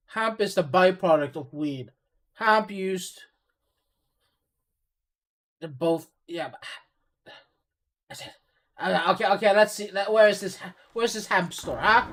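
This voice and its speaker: A man's voice: high-pitched, a bit bright. A man streaming live, reacting to a video with profane, sarcastic, rambling commentary.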